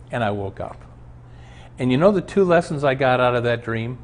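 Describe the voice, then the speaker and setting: A man's voice: mid-range voice, lively intonation, brisk. A man who is a pastor, teaching a Bible lesson on a show and telling stories from his own life in an earnest preaching manner.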